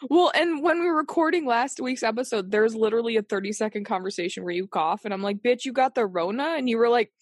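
A woman's voice: fairly high pitch, quick pace, no room sound, studio quality. Laughing, foul-mouthed young woman host. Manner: swears freely, laughs often, acts out quoted texts. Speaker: podcast co-host. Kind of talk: casual chat.

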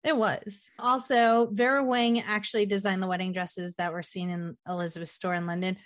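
A woman's voice: mid-range voice, normal speed, no echo. Young female podcast co-host, chatty recap style, dry close recording. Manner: animated retelling, acts out character lines. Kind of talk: casual movie recap chat.

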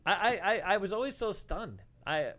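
A man's voice: high voice, big pitch swings, normal speed, bright, forceful tone. A middle-aged man telling casual stories as a co-host on a livestream, swearing and saying "dude" a lot. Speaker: podcast co-host.

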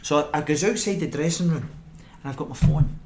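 A middle-aged Scottish man, a former footballer, telling animated stories as a podcast guest with frequent laughs. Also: fairly high pitch, brisk, slight background noise. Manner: animated anecdote-telling, acts out quoted voices, laughs often. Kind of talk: podcast interview storytelling.

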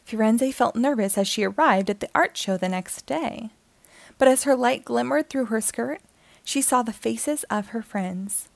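A woman reading a children's picture book aloud, telling the story in a gentle, expressive way. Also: a little high, unhurried, creaky, dry recording.

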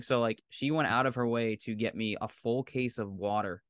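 A man's voice: mid-range voice, a little fast, no echo, studio quality. A man in his thirties with a Massachusetts accent, telling a long, rambling, profane story in casual podcast chat. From Massachusetts, South Shore. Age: 30s. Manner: rambling, profane, laughs often. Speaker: podcast co-host.

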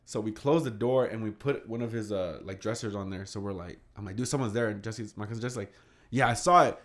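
A young man telling a story casually among friends, animated and swearing, acting out the quotes. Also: on the low side, brisk.

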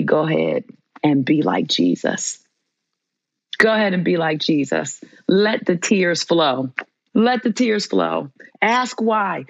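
A woman's voice: low-pitched, vocal fry, dry recording, muffled recording. A woman, a trauma therapist as guest, teaching in a fervent, preacherly way and repeating lines for emphasis. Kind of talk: impassioned sermon-like teaching.

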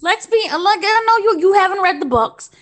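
A woman's voice: extremely high pitch, expressive, brisk, a bit bright. A young American woman reviewing a film on a podcast, gushing and rambling with restarts and fillers. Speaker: entertainment editor reviewing a film.

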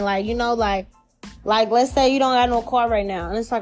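A woman giving a casual spiritual reading, talking in a chatty, slangy way, swearing freely and acting out imagined voices with big jumps in pitch. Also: steady tone, brisk, darkish tone, faint music behind. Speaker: tarot reader.

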